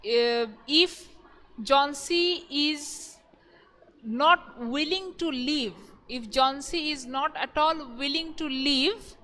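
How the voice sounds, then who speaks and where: A woman teacher with an Indian English accent, slowly going over exam questions and repeating each one several times in an online class. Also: high voice, pushed and bright, big-room sound.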